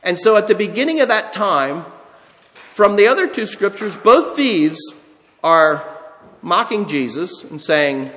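High-voiced preacher in a reverberant hall. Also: male voice, animated, unhurried, a bit bright. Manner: earnest, acts out quotes, rises in pitch when moved. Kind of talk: sermon.

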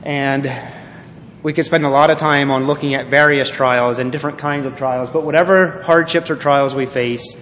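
A man's voice: medium pitch, fairly even intonation, normal speed, fairly bright tone. A male pastor preaching a sermon, earnest and reading a story aloud with feeling. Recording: echoey hall, faint noise.

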